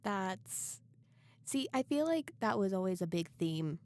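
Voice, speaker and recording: A young woman co-hosting a casual podcast, telling stories candidly, rushing at times and then slowing for emphasis. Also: medium pitch, animated, a little mellow. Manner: candid storytelling, rushes then slows for emphasis. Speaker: podcast co-host. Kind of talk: casual chat.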